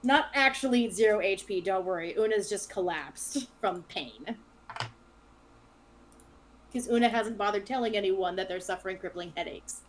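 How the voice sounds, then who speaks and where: A woman narrates a tabletop game as its dungeon master. Her voice sits at an ordinary middle pitch. She drops lower when voicing the gruff northern locals. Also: normal speed, slight background noise.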